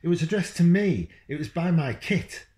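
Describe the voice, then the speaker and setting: A man's voice: sits low, lively intonation, normal speed, warm tone. A man voicing a defensive soldier father who mumbles his answers, read in a roomy room. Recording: roomy echo.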